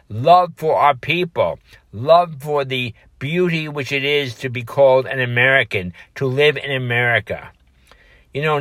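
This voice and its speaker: Impassioned man with a bright, dry voice. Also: medium pitch, no echo. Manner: impassioned, repetitive rhetorical lists; hesitant fillers and restarts. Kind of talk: political commentary monologue.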